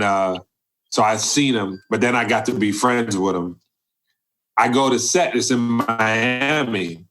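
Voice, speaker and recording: A former basketball player in his fifties, appearing as a podcast guest, shares stories from his career in an interview. He animates them by voicing the people he quotes, with big leaps in pitch.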